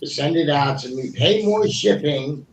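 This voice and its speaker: A man's voice: on the high side, lively intonation, unhurried. A man hosting a casual panel chat, rambling and exasperated as he tells a story. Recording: roomy with background noise.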